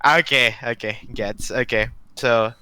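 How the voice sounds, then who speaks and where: A man's voice: medium pitch, measured pace, pushed and bright, a little hiss or hum, poor audio. A man narrating as game master, rambling and correcting himself as he describes scenes.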